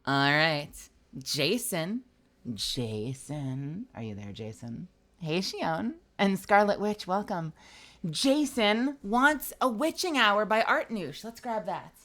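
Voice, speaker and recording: A woman voice actor chatting casually on a live stream while signing autographs, excitable and chatty, laughing often and swearing freely. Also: mid-range voice, slow pace.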